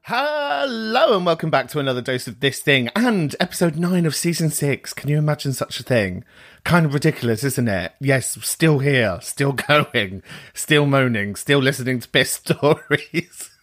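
A man's voice: on the high side, very animated, moderate pace, fairly bright tone. A man hosting a podcast, talking in a sweary, self-mocking comic style with frequent laughs. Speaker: podcast host. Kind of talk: comic monologue and show intro.

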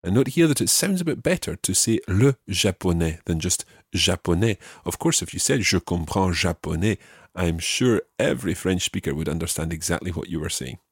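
A man hosting a podcast language lesson, patiently giving English phrases and repeating the answers slowly and clearly. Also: deep voice, animated, dry recording, clean studio sound. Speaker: language teacher host.

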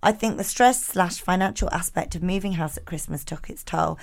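A woman in her thirties co-hosting a casual podcast, animated and laughing as she reads listener messages. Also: fairly low pitch, moderate pace, vocal fry. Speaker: podcast co-host. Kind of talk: casual chat.

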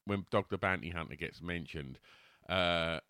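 A man's voice: low-pitched, moderate pace, pushed and bright, smooth, no echo, clean studio sound. A man co-hosting a podcast, telling stories with many stammered restarts. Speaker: podcast co-host. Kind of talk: casual comedic chat.

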